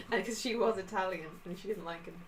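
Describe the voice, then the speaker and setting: A woman's voice: medium pitch, sing-song, moderate pace, background noise. A woman co-hosting a gaming video, chatting and telling stories with frequent laughs. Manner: chatty, giggly storyteller. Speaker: co-host. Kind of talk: casual chat.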